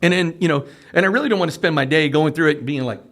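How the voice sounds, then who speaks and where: A man's voice: a little high, rapid-fire, a bit bright. A middle-aged man hosting a podcast, telling stories in a casual chat and often tagging his lines with "right?". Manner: storytelling, tags lines with "right?". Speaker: podcast host.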